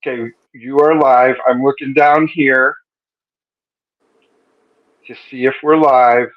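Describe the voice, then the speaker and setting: A man's voice: mid-range voice, steady tone, slow. A man hosting a live-stream interview over a video call, chatty, joking and rambling with frequent self-corrections. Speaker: interview host. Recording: dull lo-fi stream audio.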